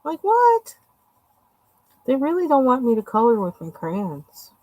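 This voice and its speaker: A woman's voice: fairly high pitch, very animated, normal speed, a little mellow, no room sound, poor audio. A woman chatting casually and rambling with lots of fillers while she colors on a livestream. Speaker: livestream host.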